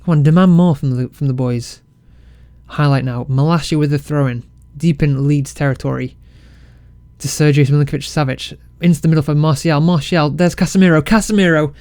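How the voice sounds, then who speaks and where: A man casually commentating his football management game, excitable and self-mocking. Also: fairly high pitch, a little fast, dry recording. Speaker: game let's-play creator.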